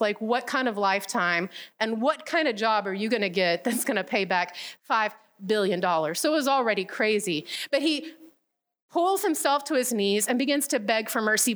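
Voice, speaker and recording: A woman preaching a casual sermon, retelling a parable with lively storytelling and acted-out voices. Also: fairly high pitch, normal speed. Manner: animated storytelling, acting out the characters.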